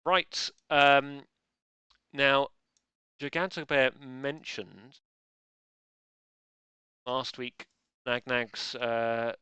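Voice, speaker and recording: A quiz host runs a relaxed, casual live quiz in a bright, forceful, medium-pitched voice that stays smooth and crisp. He chats playfully and keeps interrupting himself with joking asides, recorded dry and close with little room around it.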